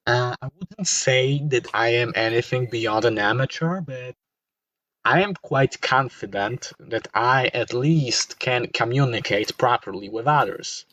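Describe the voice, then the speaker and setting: A young man joins a casual podcast chat with crude, mock-sarcastic banter. His voice sits at a middle pitch and comes through a dull, lo-fi mic with a dry sound and no room. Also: a little slow, sharp tone, no echo.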